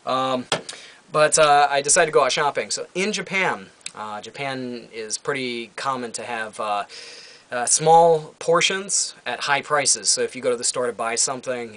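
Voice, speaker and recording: A man's voice: medium pitch, fairly bright tone. A young man ranting casually in a vlog from his home, rambling with many fillers and some swearing. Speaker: vlogger.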